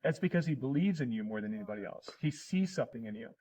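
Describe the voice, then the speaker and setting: A man's voice: medium pitch, lively intonation, fast talker, dark tone, husky, rough recording. A middle-aged man in casual conversation as a podcast guest, telling personal stories in an earnest, emotional way.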